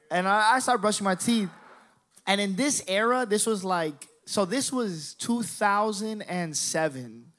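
A man in his twenties doing stand-up, telling a profane, animated story and talking straight to the crowd. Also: a little high. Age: 20s. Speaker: stand-up comedian.

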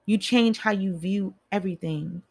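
A woman's voice: mid-range voice, normal speed, vocal fry, slightly rough. A woman giving a casual motivational talk, chatty and speaking straight to her listeners, repeating phrases for emphasis.

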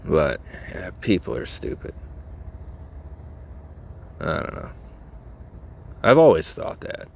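A man's voice: low voice, very animated, slow, creaky, pauses often, darkish tone. A middle-aged man rambling in a blunt, cynical way, full of fillers and the odd curse, as he vlogs from a vehicle. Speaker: vlogger. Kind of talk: casual rambling monologue.

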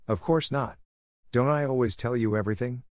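A man's voice: medium pitch, brisk, a little mellow, dry recording, studio quality, pitched above the performer's own voice, natural voice. A man voicing Meg, a bashful young woman. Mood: confiding. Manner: bashful, self-reproachful. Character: young woman, earnest eldest sister. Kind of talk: audiobook character reading.

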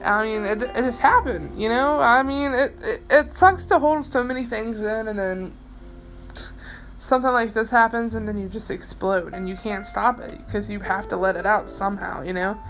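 A young woman talks alone into her podcast late at night, rambling and emotional, full of "you know" and restarts. Her voice sits at an ordinary middle pitch, and she swears now and then. Faint music plays behind her. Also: normal speed, fairly bright tone, low-quality recording. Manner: swears casually. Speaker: podcast host. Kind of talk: personal late-night monologue.

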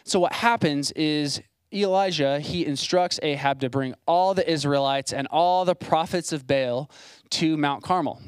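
A man's voice: on the high side, unhurried, smooth, no room sound. A young man preaching a sermon as a site pastor, in a casual, conversational way with plain asides.

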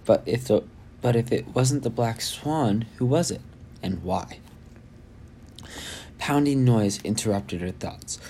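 A man's voice: medium pitch, animated, takes it slowly, long pauses, warm tone, slight background noise. A man reading a novel chapter aloud, stumbling and restarting lines and adding his own asides. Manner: reads with frequent slips and restarts, adds asides. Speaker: audiobook reader. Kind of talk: amateur audiobook reading.

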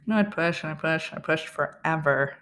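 A woman's voice: sits low, a little fast, a bit bright, a little hiss or hum. A young woman hosting a podcast, chatting casually through a personal story, laughing often and restarting her sentences. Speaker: podcast host.

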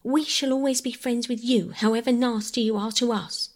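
A woman's voice: on the high side, steady tone, moderate pace, pitched above the performer's own voice, natural voice. Woman doing a tearful, whining little girl.

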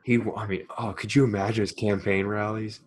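A young man chatting casually, relaxed and rambling, with hesitant restarts. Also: lowish voice, brisk, rough recording. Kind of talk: casual chat.

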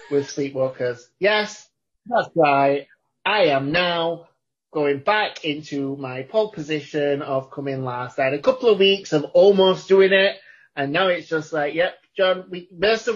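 A man co-hosting a podcast in casual chat, deadpan and crude in his teasing. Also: fairly high pitch, a little slow, breathy edge. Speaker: podcast co-host. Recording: dull, lo-fi sound.

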